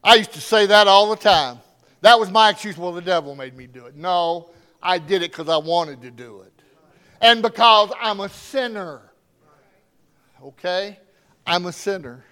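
A man preaching a sermon with strong emphasis, swinging between loud declarations and hushed asides. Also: high-pitched, unhurried, pauses often, smooth.

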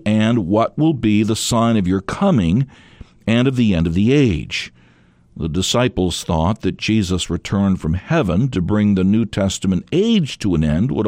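Earnest, lively-voiced man preaching a radio sermon. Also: lowish voice, no echo. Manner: earnest, emphatic, stresses key words. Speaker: radio Bible teacher.

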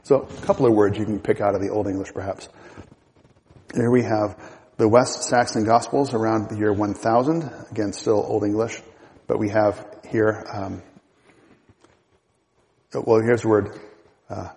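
A middle-aged man teaching a Bible class in a relaxed, halting way, with fillers and restarts. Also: lowish voice, vocal fry, in a large hall, low-quality recording. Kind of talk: church class lecture.

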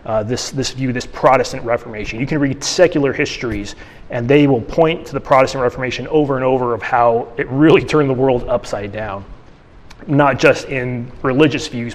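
A man's voice: mid-range voice, in a large hall. A man teaching a church class in a casual, conversational way, often restarting his sentences. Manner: conversational, with frequent restarts and fillers.

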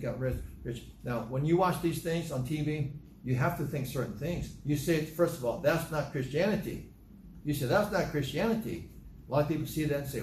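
A man preaching a sermon in a medium voice, leaning hard on key words and repeating them. He slows way down when reading scripture. The room rings with echo, and a faint hiss sits underneath. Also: medium pitch, darkish tone. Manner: emphatic, repeats phrases, reads scripture slowly. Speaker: pastor. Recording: echoey room with faint noise.

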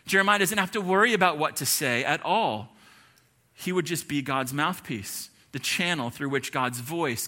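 A pastor delivering a sermon, preaching emphatically with repeated lists and rhetorical questions. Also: male voice, fairly high pitch, bright, forceful tone.

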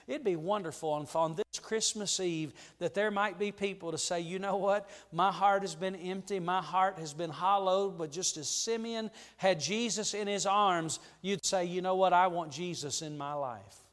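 High-voiced preacher in a reverberant church. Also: male voice, moderate pace, hardly any pauses. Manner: fervent, preacherly, swings from hushed to ringing. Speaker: pastor. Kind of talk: sermon. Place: church sanctuary. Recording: long hall reverb in a church.

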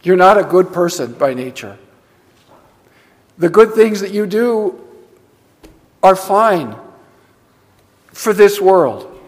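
Guy preaching slow and punchy, kinda high voice, big echoey church hall. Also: big pitch swings. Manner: emphatic preaching, repeats words for emphasis. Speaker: pastor. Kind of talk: sermon. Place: church sanctuary.

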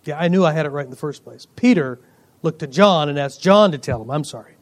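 A male pastor preaching a sermon, swinging between loud emphatic lines and quiet asides, joking with the congregation. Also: a little high, animated, quick pace. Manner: jokes with the congregation.

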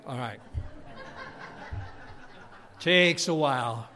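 A man's voice: medium pitch, normal speed, crowd noise. A man preaching a sermon, telling folksy stories and asking for amens. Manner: folksy storytelling, calls of amen.

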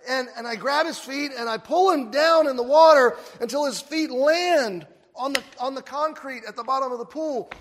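Older man, preacher, high voice, animated storytelling, long reverb of a big hall. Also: moderate pace, hardly any pauses. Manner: animated, acts out scenes. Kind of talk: sermon storytelling.

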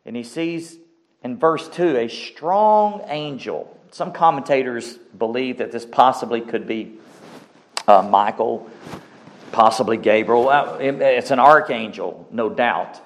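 A man preaching a sermon, emphatic and repetitive, his voice climbing on key phrases before dropping back. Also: medium pitch. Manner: slow, emphatic preaching with rising outbursts and repeated phrases.

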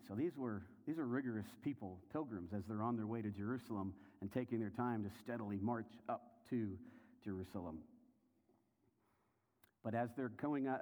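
A man delivers a sermon with a mid-range voice and tells the passage as a vivid story. He poses questions to the listeners, dropping to hushed, low passages and then building to intense, raised ones. The recording has a long hall reverb trailing behind his words. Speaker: preacher.

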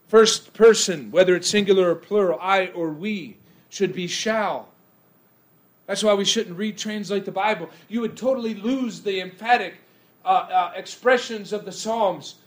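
A male pastor preaching a sermon in church, swinging from hushed, low lines to loud, impassioned outbursts. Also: moderate pace.

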